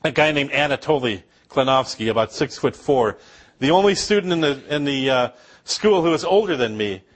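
Man from upper michigan, middle-aged missionary, church storyteller, chatty asides, mid pitch. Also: expressive, moderate pace, breathy edge. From Upper Michigan, USA. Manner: anecdotal storytelling with laughs and asides to the congregation. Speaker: missionary speaker. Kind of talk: humorous missions sermon.

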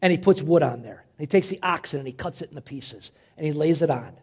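A man preaching, dramatically retelling a Bible story, swinging from loud to hushed. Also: fairly high pitch, fast, husky. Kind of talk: animated Bible storytelling sermon.

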